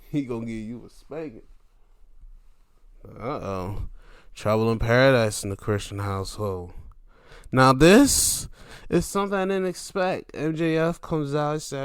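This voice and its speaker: A man hosting a casual wrestling recap, animated, swearing freely and acting out what others said. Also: fairly low pitch, measured pace, clean tone, no room sound, clean studio sound. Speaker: podcast host.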